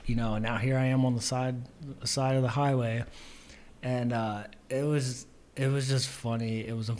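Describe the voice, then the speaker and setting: A man's voice: fairly low pitch, darkish tone. A young man hosting his own podcast, telling a story in a laid-back, rambling way with lots of fillers and restarts. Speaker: podcast host. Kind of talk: casual storytelling monologue.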